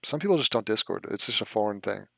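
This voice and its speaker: A man's voice: on the low side, lively intonation, fast talker, vocal fry, bright, forceful tone, no echo. A man chatting casually and wryly with friends while streaming over a voice call. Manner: wry, rambling. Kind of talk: casual chat.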